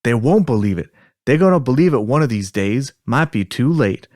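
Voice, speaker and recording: A man's voice: medium pitch, expressive, moderate pace, a little mellow, no room sound, clean studio sound, natural voice. A man voicing a rattled older male fisherman with a put-on Southern US drawl, acting out a transcript on a podcast. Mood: shaken insistent. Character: shaken older male fisherman after a UFO encounter.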